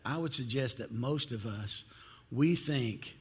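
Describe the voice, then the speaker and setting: Brief: male pastor, casual sermon delivery, slightly husky, long hall reverb. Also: medium pitch, slow. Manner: conversational, acts out biblical figures' complaints.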